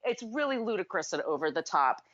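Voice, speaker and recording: A woman's voice: on the low side, big pitch swings, brisk, a bit bright, muffled recording. A woman co-hosting a casual film review chat, retelling plot scenes at length. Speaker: podcast co-host.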